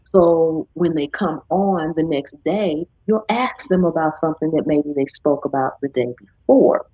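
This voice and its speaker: A woman hosting a live cooking stream, talking in a chatty, easygoing way and slipping into animated voices when she quotes people. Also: low-pitched, unhurried, slightly rough, no echo. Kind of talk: casual chat. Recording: dull lo-fi stream audio.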